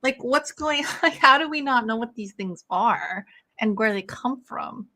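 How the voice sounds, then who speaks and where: A woman's voice: a little high, expressive, normal speed, sharp tone. A young woman hosting a casual watch-along stream, chatting with viewers and laughing a lot, with many "like"s. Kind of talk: casual chat with live viewers.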